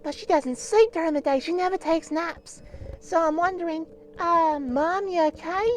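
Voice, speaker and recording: A man's voice: very high voice, moderate pace, slight background noise. A man voicing a rambling, easily sidetracked young boy puppy in a plush-toy comedy parody. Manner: rambling, forgetful storytelling.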